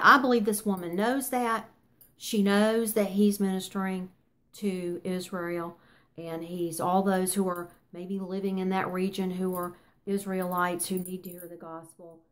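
An older woman teaching a Bible study in an earnest, emphatic voice. She pushes her points hard, stops now and then on ums, and corrects herself as she goes. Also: medium pitch. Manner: earnest, emphatic, with frequent fillers and self-corrections.

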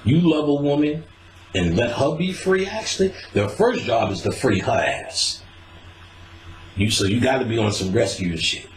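A man's voice: medium pitch, lively intonation, normal speed, roomy sound, a little hiss or hum, poor audio. A man hosting a casual, profane chat, telling stories, laughing often and acting out the lines he quotes. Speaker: podcast host.

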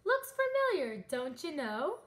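A woman's voice: high voice, big pitch swings, a little slow. Gushing cheerful lady spider, voiced by a woman. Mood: delighted. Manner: gushing, sing-song rhyming delivery. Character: cheerful excitable lady spider, fond of fancy things.

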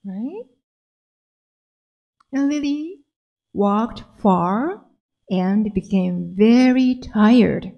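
A woman minister telling a story slowly and gently in a sermon. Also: medium pitch, lively intonation, gravelly, highs cut off.

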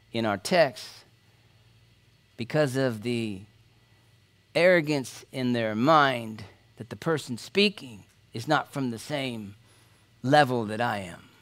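A man's voice: mid-range voice, a bit bright. A man preaching an expository sermon as pastor, speaking in a conversational, emphatic way and often checking in with his listeners.

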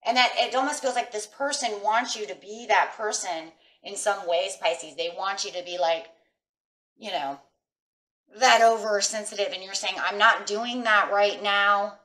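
A woman's voice: mid-range voice, normal speed, fairly bright tone, far from the mic. A middle-aged woman giving a chatty tarot reading, talking straight to her viewers and checking in with "right?" as she goes. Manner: emphatic, talks straight to viewers with frequent "right?". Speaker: tarot reader. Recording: echoey room, voice off-mic.

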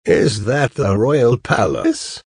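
A man reading as a gruff male bear, slow and gravelly. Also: medium pitch, expressive, darkish tone, no echo, studio quality, exaggerated voice. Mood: scornful.

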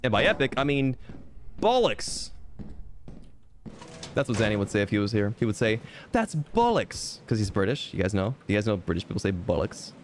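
A man's voice: lowish voice, racing, hardly any pauses, slight background noise. A man streaming a game, rambling through casual commentary with playful, self-mocking jokes, with piano game music behind him.

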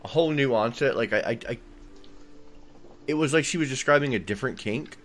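A man's voice: mid-range voice, a little fast, fairly bright tone. A man co-hosting a podcast, talking in a rambling, enthusiastic way full of fillers. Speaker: podcast co-host. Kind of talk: casual chat.

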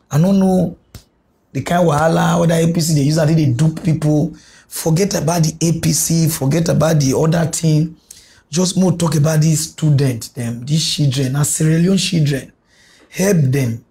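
A man's voice: a little high, dark tone. A man with a Nigerian Pidgin English accent making an impassioned, repetitive appeal to politicians. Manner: pleading, emphatic, repeats words. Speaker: commentator.

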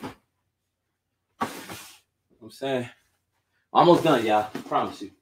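A man's voice: mid-range voice, slow pace, a little hiss or hum. Winded man chatting through a sneaker stream. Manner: loose and chatty, drifts between sing-song muttering and explaining. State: winded, out of breath. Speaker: sneaker collector streaming live. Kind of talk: casual live-stream chat. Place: home room full of shoes.

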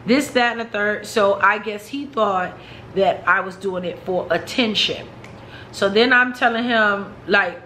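A woman's voice: mid-range voice, unhurried, bright, forceful tone, a little hiss or hum, poor audio. A woman vlogger telling a personal story in a frank, chatty way, talking straight to her viewers.

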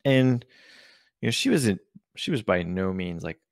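A man's voice: low voice, lively intonation, unhurried, vocal fry, no room sound, clean studio sound. A man co-hosting a podcast, telling stories in casual chat and drawing out key words. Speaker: podcast co-host.

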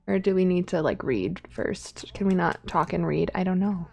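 A young woman talks through her game in a loose, rambling way, laughing at her own tangents. Her pace is slow and unhurried, and her voice has a noticeable vocal fry. She sits at a middle pitch for a woman. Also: a little mellow. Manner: chatty, giggly, rambling asides. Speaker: gaming YouTuber. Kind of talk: casual gameplay commentary.

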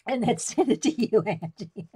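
A woman's voice: mid-range voice, mellow, slightly rough. A woman hosting a live coloring tutorial, chatting casually, laughing often and answering viewers by name. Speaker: coloring tutorial livestream host.

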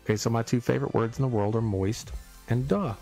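A man's voice: mid-range voice, quick pace, mellow, soft background music. A man hosting a casual live stream, rambling playfully with his viewers, stumbling over and repeating words, and often breaking into laughter.

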